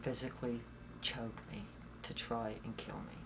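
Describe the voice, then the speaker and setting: A woman giving personal testimony in a documentary interview, halting and repeating herself, rising to loud intensity and dropping to whispers. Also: a bass voice, steady tone, vocal fry, noisy background.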